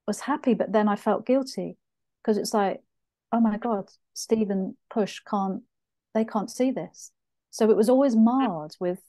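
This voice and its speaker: A middle-aged woman tells her own story as an interview guest, earnest and reflective, sometimes acting out her past thoughts. Her voice is dark and mellow, and the recording sounds dry and close. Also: medium pitch, no room sound.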